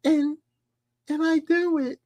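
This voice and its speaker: A man putting on the voice of a timid young stepdaughter in a comic retelling, speaking in a hesitant, meek falsetto. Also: fairly even intonation, takes it slowly, a little mellow, no room sound.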